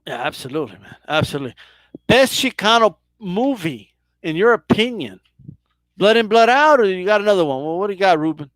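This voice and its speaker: A man's voice: sits high, animated, fairly quick, fairly bright tone, no room sound. A man hosting a casual live stream, reading viewer questions and teasing his guest. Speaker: host.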